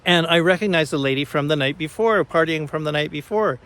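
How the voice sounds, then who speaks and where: An older man vlogging casually, retelling a personal story in a chatty, animated way. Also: a little high, fairly quick.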